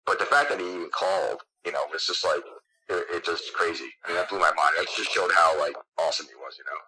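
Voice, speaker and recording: A man who is a guest on a podcast, excitedly telling a long story with lots of fillers. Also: sits low, fast talker, husky, low-quality recording. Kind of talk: casual interview chat.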